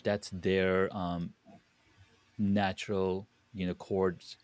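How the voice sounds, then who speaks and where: Deep-voiced man explaining audio gear. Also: little pitch movement, extremely slow, a little mellow, smooth, no echo. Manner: explanatory, with restarts and searching for words. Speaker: guest audio and studio coach. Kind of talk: podcast conversation.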